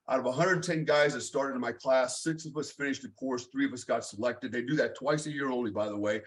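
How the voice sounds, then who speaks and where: A middle-aged man from the United States telling his life story as an interview guest, blunt and swearing freely, with many fillers. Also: mid-range voice.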